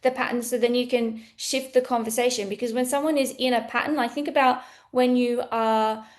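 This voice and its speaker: A woman's voice: on the high side, a little fast. A woman sales coach teaching in a casual, blunt, playful way, acting out bits of sales calls. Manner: animated, blunt, playful, acts out sales dialogue.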